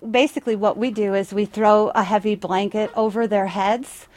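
A woman's voice: mid-range voice, fairly even intonation, moderate pace, no room sound. A woman who runs a wild bird rescue, answering interview questions in a chatty way, laughing often and correcting herself.

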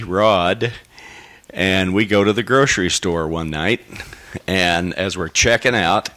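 Slow, bright-toned storytelling man. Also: lowish voice. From Oklahoma. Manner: relaxed, chuckling storyteller. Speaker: lecture speaker. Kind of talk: storytelling talk to a live audience. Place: lecture hall with audience.

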